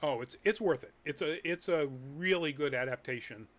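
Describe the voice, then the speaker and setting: A man's voice: on the high side, normal speed, a bit bright. A man hosting a live nerd news show, chatting casually with many ums and uhs as he reads news and viewer comments. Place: Massachusetts.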